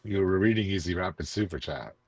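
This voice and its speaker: A man's voice: low voice, animated, quick pace, husky, dull audio. A man co-hosting a casual livestream, blunt and jokey, who calls people bro. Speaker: livestream co-host.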